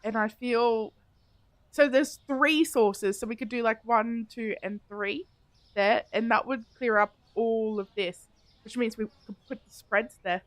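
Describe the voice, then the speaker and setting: Playing a game on a live stream, a woman chats casually with her viewers, often giggling and thinking out loud. She speaks unhurriedly in a fairly high voice with fairly even intonation, and there's no room sound.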